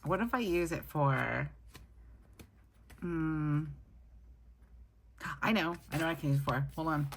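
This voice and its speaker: Her voice sits low and sounds animated, moving slowly with long pauses as she rambles cheerfully through her weekly planner setup. This planner vlogger is filmed at her home desk by a camera placed low on it. The casual plan-with-me recording carries a little background noise.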